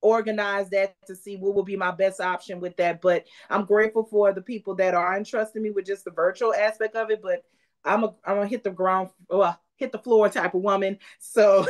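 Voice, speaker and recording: A woman's voice: mid-range voice, steady tone, moderate pace. A woman insurance agent speaks earnestly on a video call, her voice sitting in an ordinary mid range. She sounds heartfelt and motivational as she answers the host's questions. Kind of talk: interview answers.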